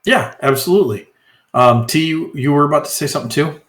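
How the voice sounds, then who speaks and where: A man narrating as game master of a tabletop role-playing game, relaxed and hesitant with frequent pauses. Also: on the high side.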